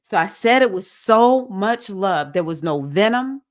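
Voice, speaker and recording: A woman with a Southern accent hosting a livestreamed spiritual circle for women, talking in an earnest, preachy way with bursts of excitement. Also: medium pitch, measured pace. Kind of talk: livestream talk to a women's group.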